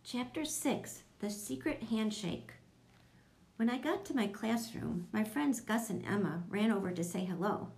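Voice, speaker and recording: A woman reads a children's storybook aloud with lively storytelling energy. Her voice sits at a middle pitch with a touch of gravelly fry. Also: measured pace. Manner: lively storytelling, voicing children in higher tones. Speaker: audiobook narrator. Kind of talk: children's audiobook narration.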